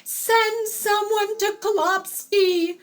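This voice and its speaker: Woman reader as a panicky bride's mother, shrill and loud, lively swings. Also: slow pace, heavily acted. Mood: pleading. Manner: high, loud, worried crying out.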